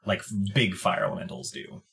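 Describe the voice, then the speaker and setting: A man's voice: deep voice, expressive, normal speed, gravelly, pushed and bright. A man narrating as game master of a tabletop game, describing scenes in a loose, laid-back way with hesitations.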